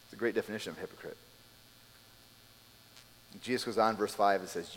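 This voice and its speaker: A man preaching a sermon as a pastor, telling the scene in a lively way and acting out the people in it. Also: lowish voice, fairly quick, long pauses, big-room sound. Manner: animated storytelling, acting out scenes.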